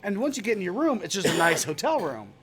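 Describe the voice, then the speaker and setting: A man's voice: high-pitched, big pitch swings, fast talker, noisy background. A young man co-hosting a podcast, telling a wild anecdote in casual, profane chat and putting on voices for the people in it. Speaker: podcast co-host.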